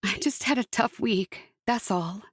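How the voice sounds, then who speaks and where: A woman voicing a tired young woman recovering from surgery, with weary, quiet replies. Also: mid-range voice, a little slow, slightly rough, no room sound, studio quality.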